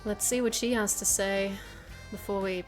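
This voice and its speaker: A woman's voice: mid-range voice, steady tone, normal speed, faint music behind, lightly acted. A woman voicing a loyal, upbeat male police subordinate in a game reading. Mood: encouraging.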